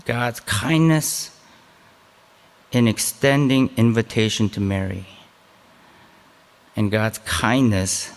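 A man preaching a conversational sermon as a pastor, casual and self-deprecating, with chatty asides. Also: lowish voice. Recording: long hall reverb.

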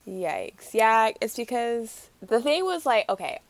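A woman's voice: a little high, sing-song, takes it slowly, no room sound. A young woman co-hosting a casual chat podcast, wry and teasing with her friends. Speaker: podcast co-host.

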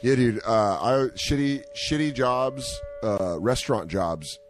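A man's voice: medium pitch, animated, a little slow, faint music behind. A young man co-hosting a comedy podcast, telling stories and riffing in silly voices. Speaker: podcast co-host. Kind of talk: casual comedic chat.

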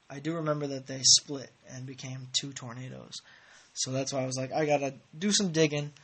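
Rambling laid-back male podcast host. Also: medium pitch. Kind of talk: casual rambling chat.

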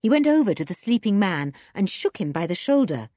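A woman narrating a children's adventure story in a lively, expressive reading. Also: medium pitch, a little fast, no echo, clean studio sound. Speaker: audiobook narrator.

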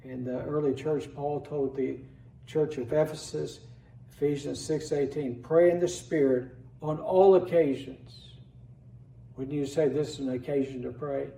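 A man's voice: a little high, gravelly, dark tone. A man pastor preaching a sermon in a church, earnestly reading scripture aloud with rising emphasis. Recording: echoey room, voice from a distance.

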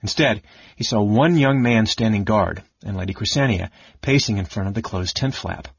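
A man narrating an audiobook in a steady, measured storytelling manner. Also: fairly low pitch, gravelly, husky, dry recording, dull audio. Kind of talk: audiobook reading.

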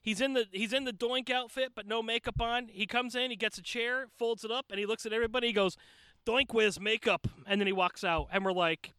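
A man with a high, bright voice tells backstage stories in loose podcast chat. He swears freely and acts out the people he quotes. The sound is close and dry. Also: quick pace, hardly any pauses, clear, resonant tone, dry recording. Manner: animated, profane, acts out quotes in other voices. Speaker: podcast guest; wrestler. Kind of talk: casual storytelling chat.

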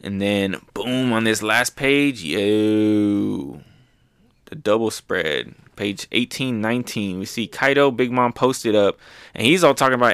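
A young man casually recapping manga chapters, excited and loose, with lots of fillers. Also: fairly low pitch, a little slow, clean tone, dry recording, clean studio sound. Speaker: manga reviewer.

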